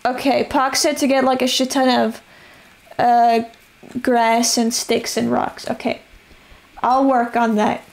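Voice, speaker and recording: A young woman streaming a survival game, her voice going hoarse as she rambles and narrates her moves with casual swearing. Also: on the high side, flat delivery, slow. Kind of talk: casual live-stream chatter.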